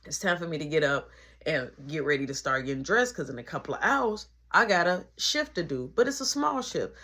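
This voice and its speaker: A young adult woman tells a story from her life in a casual, slangy way. Her delivery is animated and conversational. It is a storytime vlog. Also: low voice, brisk. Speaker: vlogger.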